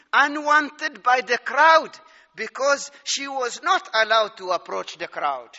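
A man preaching a sermon, slow and emphatic, citing scripture and chuckling between points. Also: sits high, bright, forceful tone. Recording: dull sound with long hall reverb.

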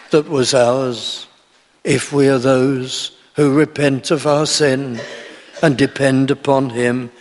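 A man's voice: fairly high pitch, long reverb tail. A man preaching a sermon, earnest and pleading, pressing his questions to the congregation with rising emphasis.

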